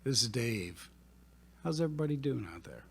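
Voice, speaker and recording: A New man co-hosts a studio podcast in casual conversation. His voice has a husky edge, and he talks in a relaxed, rambling way, filling his pauses with "uh" and "you know.". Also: mid-range voice. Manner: relaxed, rambling, many fillers. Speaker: podcast co-host. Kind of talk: casual chat. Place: recording studio.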